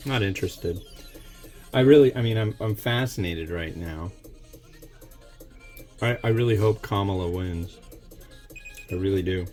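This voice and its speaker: Cooking and tasting on his instant noodle review show, a man chats casually, rambling, offering strong opinions and often restarting. His voice is lowish with a darkish tone.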